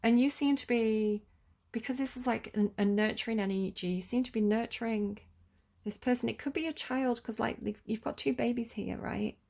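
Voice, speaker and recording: A woman's voice: on the high side, moderate pace, vocal fry, darkish tone. A woman giving a casual tarot reading, talking in a chatty, rambling way with lots of "like" and "you know.". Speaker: tarot reader.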